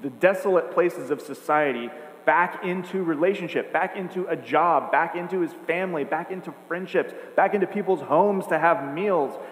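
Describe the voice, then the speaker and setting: A man's voice: a little high, moderate pace. A man preaching a sermon, earnest and emphatic, building points with repeated phrases. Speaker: pastor. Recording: echoey hall, faint hum.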